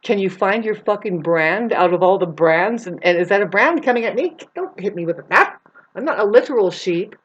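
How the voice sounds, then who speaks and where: A woman talking in a rambling, meandering monologue, jumping between loud bursts and low mutters and swearing freely. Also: lively intonation, normal speed, slightly rough. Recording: dull lo-fi sound.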